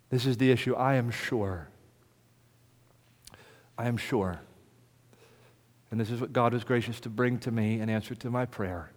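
A man preaching a sermon as the pastor, moving between soft, hushed lines and loud, ringing proclamation. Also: mid-range voice, measured pace, pauses often. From United States. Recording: reverberant hall.

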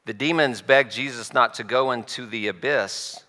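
A man preaching a sermon, retelling stories in a conversational, explanatory way with pauses. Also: medium pitch, pushed and bright, in a large hall. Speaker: pastor.

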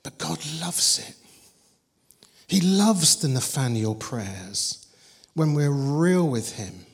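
A man preaching in a relaxed, storytelling way, with a fairly high voice. His words ring out in a long church-hall reverb, and he mixes scripture with dry humour. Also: takes it slowly, gravelly. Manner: conversational storytelling preacher, animated and humorous. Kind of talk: sermon.

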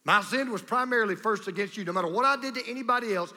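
A pastor preaching a sermon, emphatic and repetitive, with a storyteller's delivery. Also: male voice, high voice, racing, bright, forceful tone. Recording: long reverb of a large hall.

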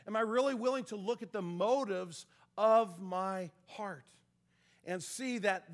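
High-voiced man preaching a casual sermon. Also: a bit bright. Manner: conversational, self-deprecating humor with restarts. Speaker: pastor.

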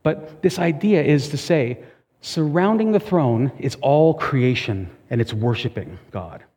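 A man's voice: medium pitch, lively intonation, a little slow, warm tone. Man preaching in a reverberant hall. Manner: conversational preaching, emphatic asides. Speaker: pastor. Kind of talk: sermon.

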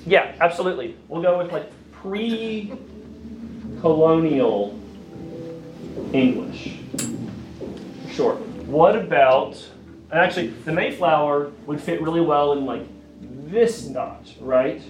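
A man from Virginia with a Southern accent, giving a lively classroom lecture and asking his audience questions. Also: on the high side, slow pace, pauses often, slight background noise. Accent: Southern US, Appalachian Virginia. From Grayson County, Virginia, USA. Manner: energetic, asks the audience questions often. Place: lecture room. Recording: echoey room, mic from a distance.

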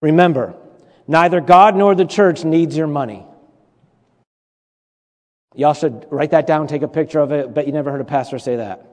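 A man's voice: fairly high pitch, moderate pace, pauses often, darkish tone. A man delivers a sermon in a church. His voice carries a long reverb through the hall. He preaches conversationally, with humor, repetition and asides to the congregation. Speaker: pastor. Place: church sanctuary.

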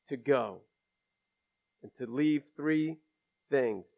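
A man's voice: high voice, expressive, normal speed. A man preaching a conversational sermon in a church, folksy and candid with emphatic asides. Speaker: pastor. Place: church sanctuary. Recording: dull lo-fi sermon recording.

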